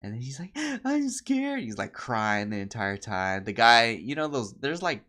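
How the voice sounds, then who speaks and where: A man co-hosting a podcast, chatting casually and telling stories, acting out quoted people in high voices. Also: normal speed. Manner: animated storyteller, acts out quotes in high voices. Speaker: podcast co-host. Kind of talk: casual chat.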